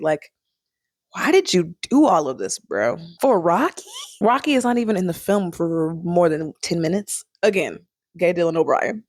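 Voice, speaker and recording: A young woman talks through a film review in a loose, chatty way, laughing often and bursting into bits of song. Her voice sits on the low side for a woman. The sound is dry and close. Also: no echo. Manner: chatty, animated, laughs often, sings snippets. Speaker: vlogger. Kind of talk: casual chat, movie review.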